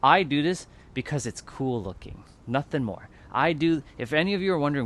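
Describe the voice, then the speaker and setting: A man's voice: fairly high pitch, expressive, fairly quick, hardly any pauses, a bit bright, slight background noise. Rambling, casual livestream host man. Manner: rambling, loose and informal with frequent fillers and asides to chat; swears casually.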